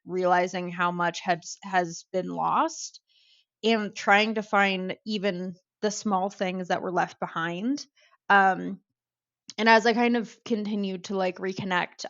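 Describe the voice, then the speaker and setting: An American woman speaks as a podcast guest over a video call, her voice sitting mid-range and sounding a little dull and lo-fi. She talks in an animated way and acts out the voices of people she quotes. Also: medium pitch. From United States. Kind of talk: casual conversation. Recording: slightly dull lo-fi audio.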